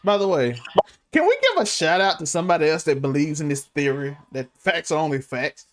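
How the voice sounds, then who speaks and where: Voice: mid-range voice, animated, brisk, slight background noise. A podcast co-host in casual chat who talks expressively.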